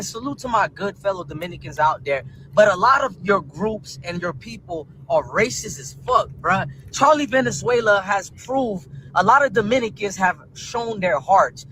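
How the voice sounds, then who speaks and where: Furious high-voiced ranting man. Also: bright, forceful tone, slight background noise, rough recording. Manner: furious, insulting, confrontational. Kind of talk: angry rant video.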